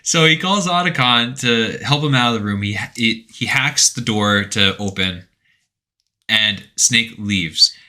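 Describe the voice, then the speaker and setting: A man's voice: mid-range voice, a little slow, pushed and bright. A man co-hosting a podcast, casually retelling a game's story and acting out quoted lines with animation. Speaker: podcast co-host. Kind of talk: casual chat retelling a game plot.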